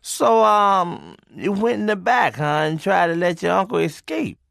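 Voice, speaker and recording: Man playing a stern old grandma, calm and firm, with a lively voice. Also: high-pitched, unhurried, creaky, dry recording, clean studio sound, voice pushed up, exaggerated voice.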